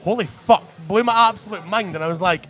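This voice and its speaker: A man hosting a casual podcast interview, excitable and rambling, swearing freely. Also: sits high, fast. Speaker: podcast host.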